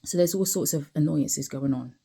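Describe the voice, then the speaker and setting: Low, gravelly-voiced tired woman vlogger. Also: normal speed, warm tone. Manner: candid, conversational, repeats phrases, frequent asides to the listener. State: tired, yawning. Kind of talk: reflective personal vlog. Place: sitting outside on a chair.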